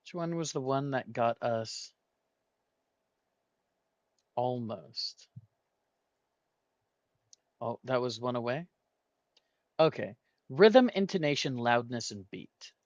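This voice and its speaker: A man's voice: mid-range voice, animated, slow pace, long pauses, no echo. A man hosting a gaming video, thinking aloud and muttering guesses as he works through a word puzzle. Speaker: gaming channel host. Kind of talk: casual puzzle-solving commentary.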